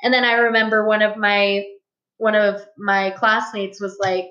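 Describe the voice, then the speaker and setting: A young woman talks in an earnest, open storytelling way on a relaxed podcast. The sound is roomy, with echo around her voice. It is a little dull and lo-fi. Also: mid-range voice, moderate pace. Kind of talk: casual conversational podcast chat.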